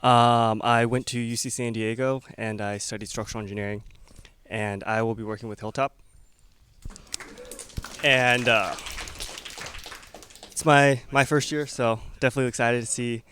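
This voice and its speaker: A man's voice: mid-range voice, fairly even intonation, moderate pace, pauses often, fairly bright tone, clear, resonant tone. A young adult man engineer introducing himself, upbeat and a little hesitant. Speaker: engineer mentor. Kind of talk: self-introduction at an event.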